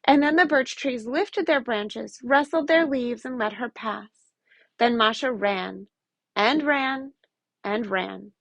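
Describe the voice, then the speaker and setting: Woman storyteller, expressive read-aloud, slightly high voice. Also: takes it slowly, gravelly, dry recording.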